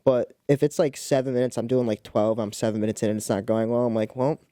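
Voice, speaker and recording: A man's voice: medium pitch, fairly even intonation, dark tone, no echo, studio quality. A man, a stand-up comedian, rambling casually about his sets on a podcast, swearing freely. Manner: rambling, quick, profane. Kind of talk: casual chat.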